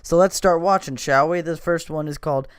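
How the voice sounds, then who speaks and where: A man's voice: fairly high pitch, brisk, clear, resonant tone, dry recording, studio quality. A man hosting a casual podcast, rambling and swearing as he describes videos he watches. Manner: profane, laid-back, rambling. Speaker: podcast host.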